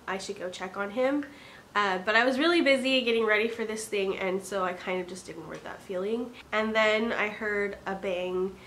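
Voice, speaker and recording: Chatty young mom telling a story. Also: female voice, mid-range voice, a bit bright, slight background noise. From Oregon. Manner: earnest, chatty, many fillers and "like". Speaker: stay-at-home mom vlogger. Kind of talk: casual storytelling to camera.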